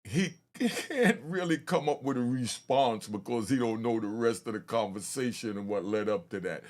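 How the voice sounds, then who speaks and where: A man's voice: medium pitch, expressive, normal speed. A man hosting a commentary channel, mocking courtroom footage in slangy, scornful street talk. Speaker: host reacting to courtroom footage.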